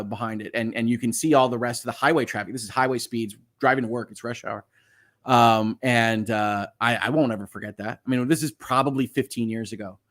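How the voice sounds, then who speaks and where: Middle-aged male streamer, mid-pitched, earnest and halting, reads chat comments live at his desk mic. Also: fairly bright tone. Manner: halting, repeats words, earnest. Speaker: legal channel host. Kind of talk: livestream chat, reading viewer comments.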